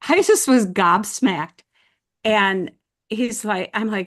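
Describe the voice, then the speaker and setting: An older woman speaks over a video call, hosting a casual chat. She tells her story slowly and deliberately, at a middling pitch, often restarting her sentences. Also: animated. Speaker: host.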